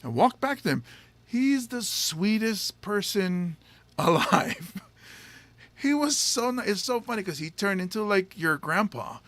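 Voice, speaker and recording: A man's voice: high voice, big pitch swings, a little slow, fairly bright tone, no echo. A male stand-up comedian and podcast host chatting casually, rambling through stories with lots of fillers and restarts. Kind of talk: casual chat.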